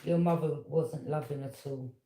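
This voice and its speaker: Indignant woman telling a story. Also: low voice. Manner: animated, indignant, talks in quick bursts with "yeah?" asides. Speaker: tarot reader. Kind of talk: casual personal storytelling. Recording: echoey room.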